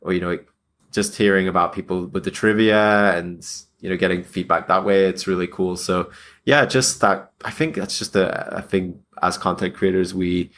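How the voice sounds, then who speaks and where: A man's voice: low voice, steady tone, moderate pace, fairly bright tone. A man chatting as a podcast guest, rambling with many fillers. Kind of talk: casual podcast chat.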